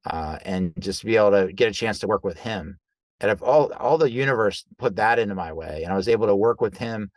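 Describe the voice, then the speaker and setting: Low-voiced man telling animated stories. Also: fairly quick, no echo. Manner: animated, acts out quoted dialogue; loose, conversational with fillers like right and like. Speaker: guest coach. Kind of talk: casual storytelling in an interview.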